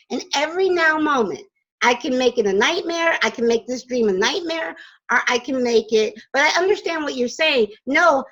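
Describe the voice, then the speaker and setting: A woman hosting a casual spiritual chat from her home, enthusiastic and quick to laugh. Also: high-pitched, a bit bright, highs cut off. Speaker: radio host. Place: home in the Poconos.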